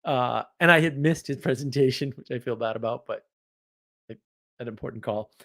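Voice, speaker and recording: A man telling an anecdote in a casual monologue, animated, often laughing and full of fillers and restarts. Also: medium pitch, moderate pace, gravelly. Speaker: host.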